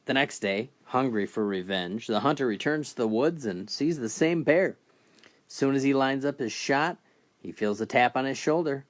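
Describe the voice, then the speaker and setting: A man narrating a string of dirty jokes in a deadpan storytelling manner, briefly lifting his voice for the characters. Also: mid-range voice, normal speed. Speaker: joke teller.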